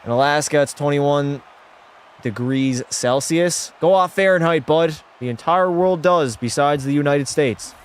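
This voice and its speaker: A man's voice: fairly high pitch, unhurried, slight background noise. Blunt young man streaming hockey. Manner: opinionated, blunt, reads chat aloud. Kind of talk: casual live-stream chat. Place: home room.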